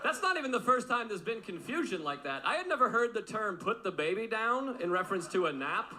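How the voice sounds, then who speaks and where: A man's voice: high-pitched, very animated, fast, sharp tone. A man doing a stand-up set on a comedy club stage, telling stories in a dry, sardonic way. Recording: noisy live club recording.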